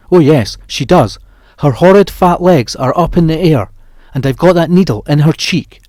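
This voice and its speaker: Reading a horror story for an audiobook, a man with a mid-range voice gives a dramatic, expressive performance that slows and builds at tense points. The recording is dry.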